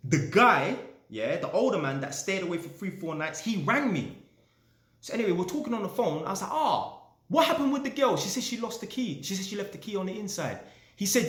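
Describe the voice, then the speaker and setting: A man's voice: sits high, animated, fairly quick, fairly bright tone, reverberant. A man telling a story casually, swearing often and ending lines with "yeah?". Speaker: vlogger.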